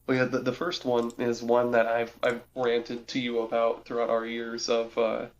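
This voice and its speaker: A man's voice: medium pitch, completely flat delivery, normal speed, lo-fi sound. A young man co-hosting a casual podcast, rambling with lots of restarts and fillers. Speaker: podcast co-host. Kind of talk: casual chat.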